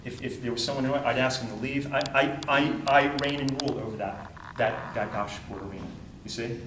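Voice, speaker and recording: A man's voice: medium pitch, steady tone, brisk, background noise. A man giving a training talk, telling a story emphatically and acting out the dialogue, repeating phrases for effect. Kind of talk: animated storytelling talk to a group. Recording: roomy sound from far off with faint ambience.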